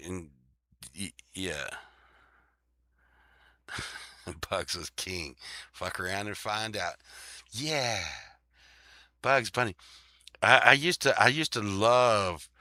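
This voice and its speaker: A man chatting casually as host, rambling and swearing with frequent laughs. His voice is lowish and very bright. He talks unhurriedly, and the sound is dry and close. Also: no echo. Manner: rambling, profane, laughs often. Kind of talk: casual chat.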